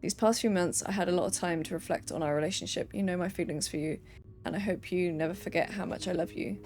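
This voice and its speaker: A woman's voice: on the low side, fast, darkish tone. A young woman streaming a game, reading letters and notes aloud with playful asides.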